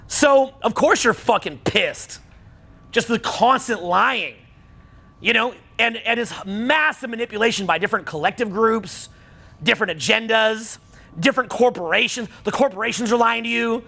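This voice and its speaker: A man's voice: very high voice, moderate pace, vocal fry, pushed and bright. A middle-aged man coaching a live seminar audience, blunt and profane, rising to heated outbursts. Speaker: dating and social skills coach.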